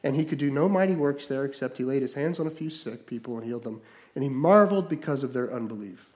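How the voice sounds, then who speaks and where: A male pastor preaching a sermon, moving between loud, emphatic stretches and hushed, slowed-down lines. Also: mid-range voice, lively intonation.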